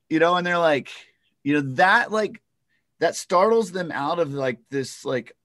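A man's voice: fairly high pitch, animated, moderate pace, fairly bright tone, no echo, studio quality. A man working as a real estate agent, talking loosely in a casual podcast chat, full of fillers and restarts.

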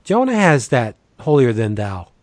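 A man's voice: medium pitch, very animated, moderate pace, a little mellow, no echo, studio quality. Enthusiastic man chatting about comics. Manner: enthusiastic, acts out quotes, many restarts. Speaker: podcast co-host reviewing comics. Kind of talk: casual chat.

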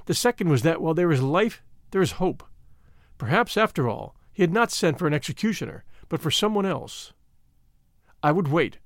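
A man narrating an adventure novel as an audiobook in an expressive, measured storytelling manner. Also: a little high, no echo, clean studio sound.

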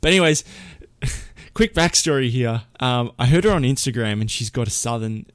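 A man's voice: medium pitch, lively intonation, normal speed, clean tone, no room sound, studio quality. A man hosting a podcast, talking in a chatty, upbeat way with fillers and restarts. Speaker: podcast host. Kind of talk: casual podcast intro.

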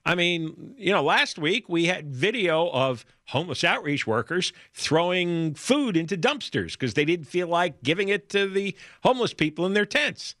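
A man's voice: high-pitched, big pitch swings, moderate pace, few pauses, sharp tone, no echo, studio quality. A man co-hosting a talk radio show, giving emphatic, exasperated opinions with stammered restarts.

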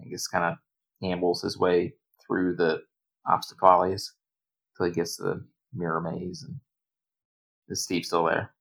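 A man's voice: low voice, completely flat delivery, unhurried, creaky, pauses often, fairly bright tone, low-quality recording. A man taking part as a player in a tabletop role-playing game, asking easygoing questions. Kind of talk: casual game talk.

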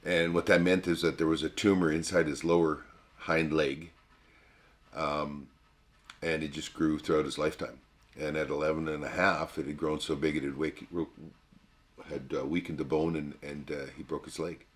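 An older man co-hosting a casual podcast, talking in a folksy, halting way with many restarts. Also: extremely low pitch, little pitch movement. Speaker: podcast co-host. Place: cabin.

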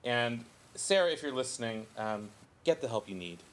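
A man's voice: medium pitch, expressive, normal speed. A man hosting a podcast in casual, joking chat, loose and full of ums. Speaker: podcast host.

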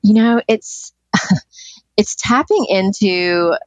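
A woman's voice: medium pitch, extremely slow, no echo, poor audio. A middle-aged woman chatting as a podcast guest, telling stories in an enthusiastic, free-flowing way. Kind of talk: casual interview chat.

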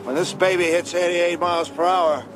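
An actor playing an excitable, eccentric middle-aged inventor in a film clip, breathless and boastful. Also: male voice, high voice, moderate pace, natural voice. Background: music.

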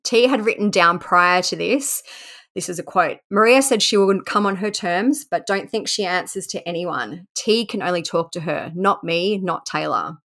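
Lower-voiced woman narrating true crime. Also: normal speed, a bit bright. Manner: conversational, reading quotes aloud with asides. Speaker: podcast host.

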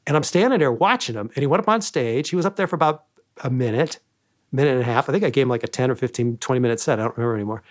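A man who once managed a comedy club, telling animated backstage stories and acting out what people said. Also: mid-range voice, rapid-fire. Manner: animated anecdotes, acting out quoted lines. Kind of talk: storytelling interview guest.

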